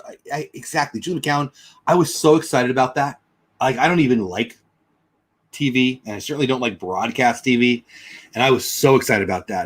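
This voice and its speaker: A man hosting a casual livestream, chatting and thinking out loud as he answers viewers. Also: mid-range voice, husky. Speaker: livestream host. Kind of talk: casual livestream chat reading comments.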